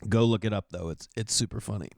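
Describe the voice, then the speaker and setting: A man's voice: fairly low pitch, fast talker, gravelly, a little mellow, no room sound, clean studio sound. A middle-aged man hosting a podcast, telling loose, digressive comedic stories in a solo monologue. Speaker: podcast host.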